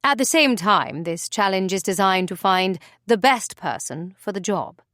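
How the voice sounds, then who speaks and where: A woman voicing a measured, indulgent male book editor in a storybook reading. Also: mid-range voice, expressive, fairly bright tone, no echo, clean studio sound. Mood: musing.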